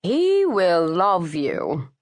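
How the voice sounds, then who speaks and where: A woman's voice: wildly swooping pitch, drawn-out words, full character voice. Woman playing a brash cheery Aussie-London girl. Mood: chatty. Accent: Australian-London mix put on. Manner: high bright loud cheery chatter.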